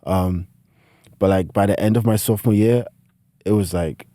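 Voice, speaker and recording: Low-voiced young British man, rambling. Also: moderate pace, mellow, dry recording. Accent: British, partly Americanized. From United Kingdom. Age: late teens. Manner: rambling, heavy use of "like" fillers. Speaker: podcast guest, student athlete. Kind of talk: casual interview storytelling.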